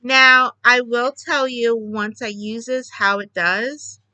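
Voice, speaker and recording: A woman chatting casually at home about her newest craft supplies, gushing excitedly and rambling with restarts. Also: a little high, slow pace, clean tone, dry recording, poor audio. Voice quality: bubbly, chatty. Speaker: craft vlogger. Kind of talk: casual chat.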